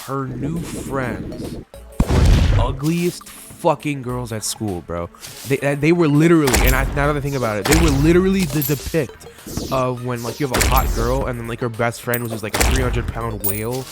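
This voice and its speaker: A young man who hosts a gaming channel rambles through a swear-filled personal story while playing a video game. His voice is medium-pitched at a moderate pace, with loud music playing in the background.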